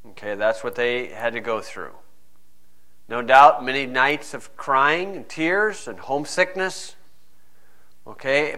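A man preaching a sermon and reading scripture, emphatic, swinging between quiet asides and loud stressed phrases. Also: medium pitch.

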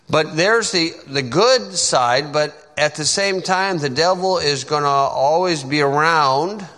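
A man teaches from the Bible like a down-to-earth pastor, slow and deliberate, dropping folksy joking asides. His voice has a bright edge. The sound rings in a long hall reverb. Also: mid-range voice.

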